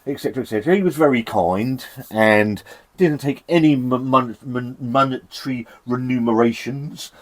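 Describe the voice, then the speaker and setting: Medium in pitch and moderate in pace, an Englishman chats his way through a beer review in a cold shed. He's shivering, sweary and rambling, often laughing at himself.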